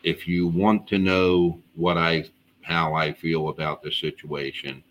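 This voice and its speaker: A man voicing a solemn mystical male sage who speaks in slow, grave pronouncements. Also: low voice, level tone, a bit bright, slight background noise, pitched below the performer's own voice.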